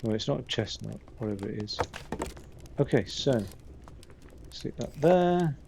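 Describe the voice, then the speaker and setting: Gravelly man swearing through a game. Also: medium pitch, animated, a little slow, noisy background. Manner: swears freely, mutters, reads game text aloud. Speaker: streamer. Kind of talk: casual gameplay commentary.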